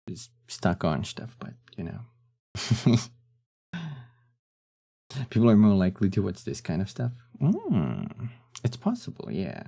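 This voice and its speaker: A man streaming casually, relaxed and chatty, who laughs often, trails off into fillers and answers his chat. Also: deep voice, vocal fry. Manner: reads chat messages aloud and answers them.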